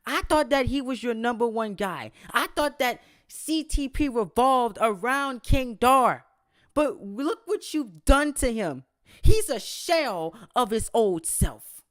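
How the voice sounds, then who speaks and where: A man's voice: very high voice, expressive, takes it slowly, a bit bright, no room sound, clean studio sound, heavily acted. A man voicing an indignant, theatrical male wrestling fan who stammers through mock outrage, read out on a podcast. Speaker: podcast host reading a listener email. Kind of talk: exaggerated dramatic reading.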